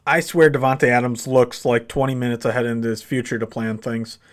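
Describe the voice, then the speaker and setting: A man's voice: medium pitch, little pitch movement, fairly quick. A man co-hosting a casual sports podcast, laid-back and laughing as he tells stories. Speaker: podcast co-host.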